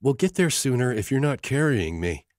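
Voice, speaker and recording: A male audiobook narrator voicing a teasing, giggly young woman in a romance novel, his pitch lifted for her lines. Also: sing-song, moderate pace, darkish tone, no room sound, clean studio sound, close to an everyday voice. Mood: laughing. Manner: teasing, breaking into laughter.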